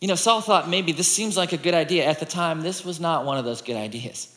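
A man preaching a sermon in a conversational, animated way, reading scripture and acting out the people in it. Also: a little high, fairly quick. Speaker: pastor. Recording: long hall reverb.

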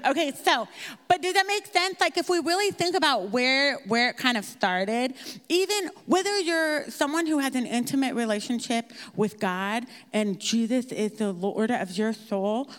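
A woman's voice: on the high side, a bit bright. Chatty woman presenting in a reverberant hall. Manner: candid, chatty, self-deprecating. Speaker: speaker at a grief workshop. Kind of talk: presentation with slides.

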